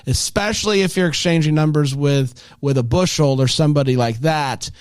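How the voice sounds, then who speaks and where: A man's voice: fairly high pitch, fairly quick, clear, resonant tone, dry recording, studio quality. A man co-hosting a podcast, recapping a movie in a joking, rambling way. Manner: joking, rambling, playful asides. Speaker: podcast co-host. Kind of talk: casual chat, movie recap.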